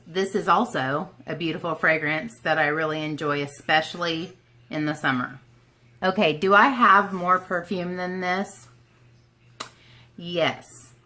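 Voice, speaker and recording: Okie woman chatting to camera, bright voice, pitched a bit low, rambly and jokey. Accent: Oklahoma. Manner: chatty, self-deprecating, rambling with asides. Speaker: beauty vlogger. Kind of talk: casual chat to camera.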